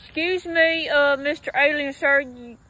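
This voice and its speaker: A woman's voice: sits high, unhurried, bright, forceful tone, poor audio. A woman playing a folksy rural Southern woman who offers help to a crashed alien, speaking with a Southern US accent and a drawling, motherly manner. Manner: drawling, motherly, calls people honey and baby. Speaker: comedy clip character.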